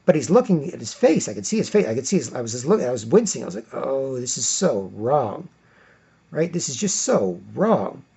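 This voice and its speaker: A man's voice: mid-range voice, sing-song, fast, vocal fry, hardly any pauses, warm tone, breathy edge. A man with a Canadian accent rambling through an opinion monologue, repeating himself, tagging lines with "right?" and acting out the voices of people he quotes. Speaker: vlogger. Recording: dull lo-fi sound.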